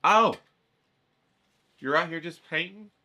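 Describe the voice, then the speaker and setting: A man's voice: fairly high pitch, slow, sharp tone, voice pushed up, full character voice. A man voicing a pushy, territorial woman street vendor who insists and repeats herself. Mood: nosy. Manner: insistent, repetitive, nosy.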